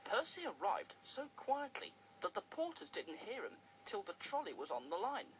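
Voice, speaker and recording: A storyteller reading a children's storybook aloud with expressive delivery. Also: medium pitch, normal speed, slight background noise, rough recording. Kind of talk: storybook narration.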